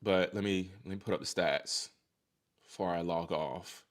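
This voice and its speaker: A young man from Virginia hosting a casual live stream, chatting excitedly with viewers, sighing and exclaiming as he reacts. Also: low voice, normal speed. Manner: excitable, talks to chat, sighs and exclaims. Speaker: livestream host reacting to tennis.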